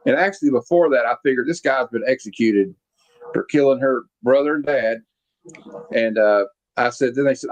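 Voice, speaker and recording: A man's voice: mid-range voice, a little fast, rough recording. A man hosting a casual movie review chat, rambling along with lots of fillers and restarts. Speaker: podcast host reviewing a movie. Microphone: video call.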